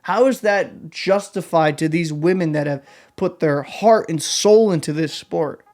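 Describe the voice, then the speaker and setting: A man's voice: a little high, a little slow, darkish tone. A young man hosting an opinion vlog, talking in a blunt, heated and combative way. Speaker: vlog host. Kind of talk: opinion commentary rant.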